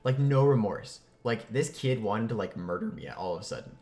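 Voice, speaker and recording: A man casually telling a comic childhood story, chatty and animated, with lots of fillers and bursts of mock outrage. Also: mid-range voice, moderate pace.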